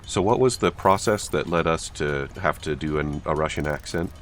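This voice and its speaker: Man with a very deep voice. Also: normal speed. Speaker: guest co-player. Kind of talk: casual gaming livestream chat.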